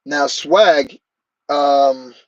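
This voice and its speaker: A man's voice: on the high side, drawn-out words, highs cut off. A man hosting a live stream, chatting casually and answering viewers' comments by name.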